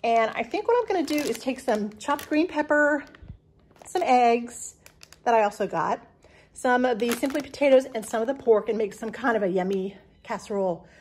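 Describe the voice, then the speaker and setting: A woman's voice: on the high side, normal speed, slight background noise. A woman, chatting homey and rambling through a grocery haul as a channel host in her farmhouse kitchen. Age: 60s. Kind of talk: casual grocery haul vlog.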